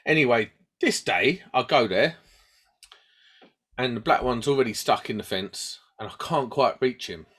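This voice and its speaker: A man's voice: medium pitch, moderate pace, husky. A man, telling a story on a podcast he co-hosts and laughing at himself. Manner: animated, acts out quoted voices, laughs at himself. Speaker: podcast host. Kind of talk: casual storytelling chat.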